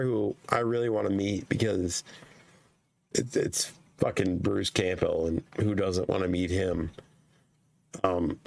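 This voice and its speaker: Hoarse man with a gravelly, fading voice. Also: fairly low pitch. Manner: swears casually, laughs often. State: voice nearly gone, hoarse. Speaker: podcast guest. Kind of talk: casual chat.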